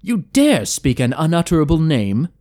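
A man's voice: medium pitch, lively intonation, normal speed, darkish tone, lightly acted. A man voicing a haughty, imperious female elf owl-rider captain with a sardonic edge.

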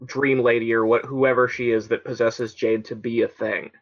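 A man's voice: mid-range voice, moderate pace, highs cut off. A man co-hosting a casual gaming podcast, speaking animatedly and often restarting his sentences. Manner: animated, repeats words when starting a thought. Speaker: podcast co-host. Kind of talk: casual chat.

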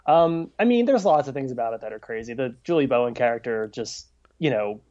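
A man's voice: mid-range voice, expressive, brisk, a little mellow. Chatty man on lo-fi audio. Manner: chatty, many restarts and stammers. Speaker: podcast co-host. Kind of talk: casual chat. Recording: dull lo-fi audio.

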